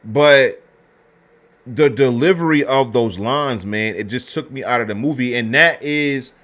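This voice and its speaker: Male history host, casual film breakdown, slangy, rambling, mid pitch. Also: fairly bright tone. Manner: loose slangy delivery with many fillers and restarts. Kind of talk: casual film review talk.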